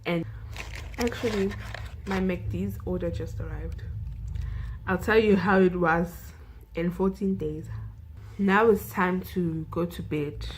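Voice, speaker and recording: A woman's voice: lowish voice, steady tone, slow pace, long pauses, slight background noise, poor audio. A young South African woman vlogger recapping a film in a chatty way, saying "like" and "you know" a lot.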